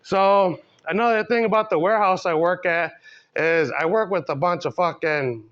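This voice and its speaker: A man's voice: high-pitched, moderate pace, fairly bright tone. A young man doing a stand-up comedy set, rambling and profane, full of filler words, recorded in a small comedy venue. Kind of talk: stand-up set at an open mic. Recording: dull lo-fi club recording.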